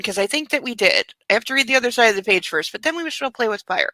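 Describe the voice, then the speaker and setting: A woman's voice: mid-range voice, expressive, fast talker, bright, forceful tone, no echo, poor audio. A woman hosting a book club, reading a novel aloud and breaking off for sarcastic, swearing comic asides. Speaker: book club podcast host.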